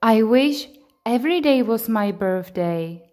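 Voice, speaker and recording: A woman's voice: a little high, animated, a little slow, darkish tone, voice pushed up. A woman voicing an impatient, eager young male bunny in a storybook reading, pleading in a whiny, breathless way.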